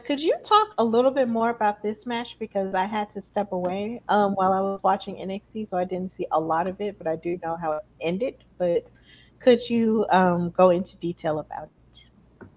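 A woman's voice: mid-range voice, moderate pace. Chatty woman recapping wrestling. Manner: chatty, animated retelling with acted-out quotes. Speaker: podcast co-host. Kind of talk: casual wrestling recap chat.

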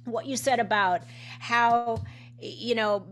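A woman's voice: on the high side, fairly even intonation, takes it slowly, soft background music. A woman who works as a coach and nutritionist, talking casually in a conversation, with frequent fillers, restarts and laughs. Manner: chatty, many restarts and fillers, laughs often.

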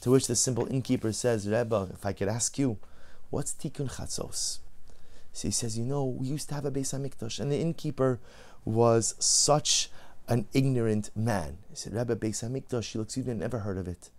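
Male preacher, storytelling sermon, emphatic and animated delivery. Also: mid-range voice, a little fast. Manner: animated, rising to emphatic peaks, acting out quoted voices. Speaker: rabbi giving a Torah lecture.

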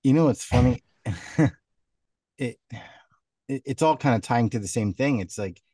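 A man's voice: mid-range voice, animated, a little slow, mellow, breathy edge, no room sound. A man talking reflectively in a casual podcast chat, building his point step by step. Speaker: podcast host.

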